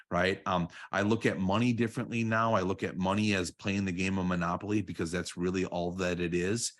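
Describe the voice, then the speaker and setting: A man's voice: lowish voice, brisk. A man guesting on a podcast as a real estate coach, talking earnestly and repeating phrases, often checking in with "right?". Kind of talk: podcast interview.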